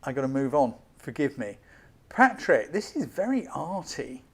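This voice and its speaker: A man giving a live-streamed photo critique as a photography tutor, chatty and enthusiastic, hurrying along with quick apologies. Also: fairly high pitch, big pitch swings, slightly rough.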